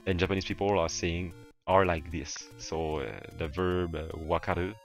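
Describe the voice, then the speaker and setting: A man with a Québécois French accent talks in a very low, deep voice during a casual gaming livestream. He rambles in English, stopping and restarting his sentences with plenty of fillers. Faint game music plays underneath. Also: steady tone, normal speed. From Quebec, Canada. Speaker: streamer.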